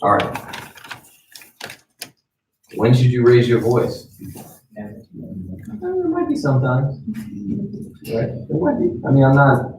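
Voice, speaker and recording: A man's voice: medium pitch, wildly swooping pitch, slow pace, pauses often, a little mellow, slight background noise. A man giving a training lecture in a conversational way, often checking in with his listeners. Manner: conversational, checks in with "right?" and "okay?". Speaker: sales trainer. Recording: roomy echo, mic at a distance.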